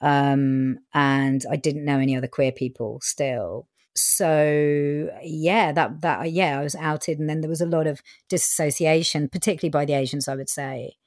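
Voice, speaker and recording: A woman with a low, voice tells her story candidly as an interviewee. She talks openly, with many ums and occasional swearing. The recording is dry and close. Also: steady tone, moderate pace, few pauses, dry recording. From England. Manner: frank, sometimes swearing, many fillers.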